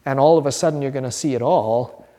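A man teaching an informal Bible class as a pastor, earnest and animated, acting out quotes and restarting his sentences. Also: mid-range voice, quick pace, big-room sound.

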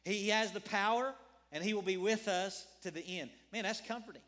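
A man's voice: sits high, brisk, a bit bright. A man preaching a sermon as a pastor, earnest, repeating phrases and asking his congregation questions.

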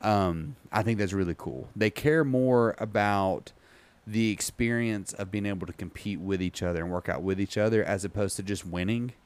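A man hosting a casual podcast, rambling with many ums and reading an article aloud haltingly. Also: lowish voice, smooth. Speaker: podcast host.

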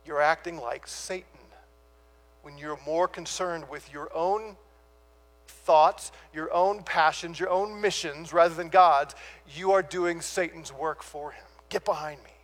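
Preacher, male, high voice; pauses hard on key words, questions the congregation. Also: steady tone, a bit bright. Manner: asks the listeners rhetorical questions; dramatic pauses on key words, then rushes on. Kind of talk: sermon.

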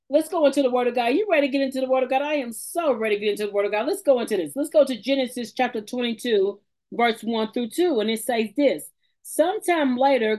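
A woman's voice: a little high, warm tone. A woman preaching a short sermon to listeners, earnest and repeating phrases for emphasis.

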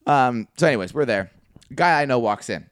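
A man's voice: medium pitch, expressive, brisk, clear, resonant tone, no room sound. Profane rambling guy with a dry close mic. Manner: rambling, profane, laughs at own jokes. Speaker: podcast co-host. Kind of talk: casual chat, storytelling.

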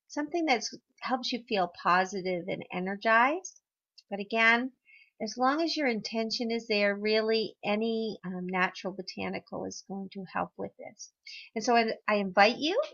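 Bright, encouraging woman guiding an exercise. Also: medium pitch, lo-fi sound. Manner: gentle, encouraging, with fillers. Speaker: podcast host, wellness guide. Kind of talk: guided affirmation exercise.

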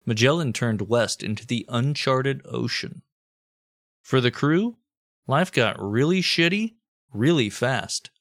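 A man co-hosting a comedic history podcast, telling the story in a crude, deadpan joking way. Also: mid-range voice, dry recording, studio quality. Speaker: podcast co-host.

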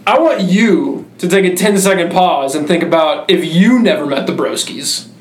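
A man's voice: sits high, moderate pace. A man hosting a casual comedy podcast, joking and talking straight to the viewer in a mock-preachy way. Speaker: podcast host. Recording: echoey room with faint hum.

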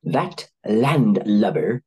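A man's voice: lowish voice, very animated, very slow, a little mellow, slightly rough, exaggerated voice. A man voicing a stern, formidable middle-aged mother who snarls orders.

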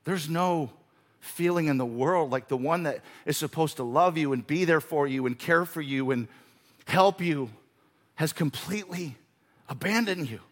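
High-voiced earnest male preacher. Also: moderate pace. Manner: earnest preaching with emphatic repetition. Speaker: pastor. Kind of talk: sermon.

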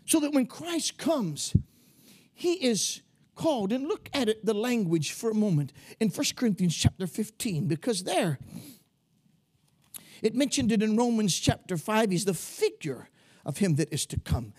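A man preaching a sermon with fervor, often rising into shouts and peppering his speech with "uh". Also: high voice, very animated, measured pace, husky. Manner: fervent, swelling into shouts, many "uh" fillers.

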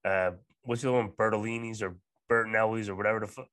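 Lower-voiced man, blunt podcast co-host. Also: fairly even intonation, fast talker, a bit bright, no room sound. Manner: blunt, opinionated, rambling with fillers. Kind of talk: casual chat.

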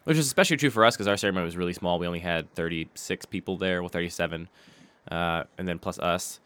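A man's voice: low-pitched, fast talker, a bit bright, clear, resonant tone. A man chatting casually as a podcast co-host, wry and sarcastic, swearing freely. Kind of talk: casual chat.

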